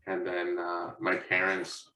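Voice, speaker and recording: A young man co-hosts a podcast in loose, profane chat and acts out his parents' lines as he tells a story. His voice is bright and slightly low. He sits some way from the mic in an echoey room. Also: monotone, slow. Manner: storytelling, swearing often, mimics his parents. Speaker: podcast co-host. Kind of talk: casual chat. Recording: echoey room, picked up from a distance.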